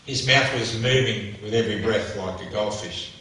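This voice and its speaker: A man's voice: lowish voice, moderate pace, bright, forceful tone. A middle-aged man, a motivational speaker, tells a vivid, emotional story and acts out the dialogue. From Australia. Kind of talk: storytelling talk. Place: church hall. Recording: echoey church hall from far off, faint noise.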